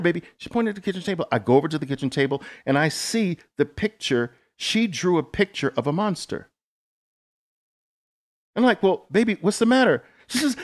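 A middle-aged man hosts a live coaching session for traders. He speaks in an emphatic, motivational way and tells stories dramatically. His mid-pitched voice rises and falls with lively, animated intonation. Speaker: trading coach host.

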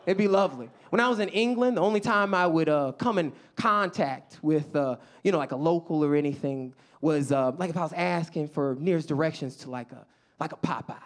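A man's voice: a little high, brisk. A young man from the south side of Chicago doing a stand-up comedy set on a club stage, acting out characters in funny voices. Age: young adult. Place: comedy club stage before a live audience.

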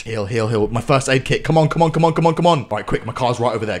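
A young man narrates his own game run to his viewers in an excitable, chatty way. His voice sits a little high and swings widely in pitch. He breaks into yells of triumph or panic as the action shifts. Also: a little fast, few pauses, slight background noise. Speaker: gaming YouTuber. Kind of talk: let's-play commentary.

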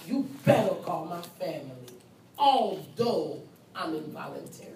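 Woman nursing instructor, slow deliberate delivery, emphatic and repetitive, roomy recording from a distance, faint background ambience. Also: on the low side, sing-song, a little mellow. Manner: emphatic, repetitive, speaks as the patient in first person. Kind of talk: classroom lecture.

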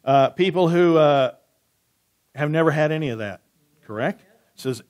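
A man preaches in a church, his voice sitting a little high for a man. He reads scripture slowly and quietly. Between readings he turns chatty, asking his congregation questions and answering back. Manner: conversational, asks the room questions and answers back. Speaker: pastor.

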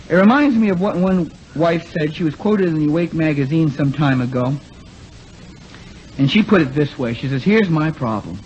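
A man's voice: fairly high pitch, darkish tone. A man giving a talk to a congregation, acting out the voices of the people he quotes and putting questions to the audience. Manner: acts out quoted speakers, asks the audience. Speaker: preacher. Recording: lo-fi recording with faint noise.

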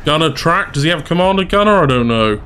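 A man's voice: a little high, lively intonation, fast talker, sharp tone, slight background noise. A man giving casual, chatty gameplay commentary as a channel host, talking to his viewers and laughing at his own mistakes. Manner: chatty, self-deprecating, talks to viewers.

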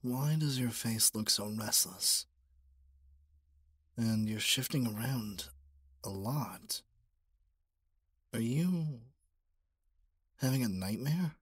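A man voicing an obsessive young male stalker in a whispered role-play, talking softly with stammers and pleas. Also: mid-range voice, lively intonation, takes it slowly, long pauses, husky, dry recording. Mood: hushed, infatuated. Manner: soft, stammering, pleading.

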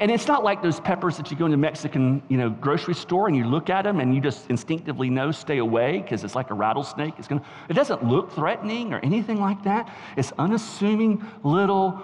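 A middle-aged male pastor with a Southern US accent, preaching a lively storytelling sermon. His voice sits fairly high for a man and moves between soft, quiet asides and emphatic near-shouts. It rings with the long reverb of a church sanctuary. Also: brisk, few pauses.

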